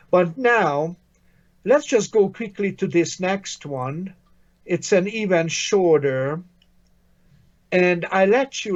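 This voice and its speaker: A man's voice: high voice, lo-fi sound. A man teaching a language lesson online, patient and encouraging, praising his student often.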